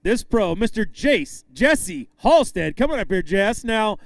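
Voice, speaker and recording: A man emceeing a live fishing tournament weigh-in, upbeat, calling out names and weights with drawn-out emphasis. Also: high voice, sing-song, no echo.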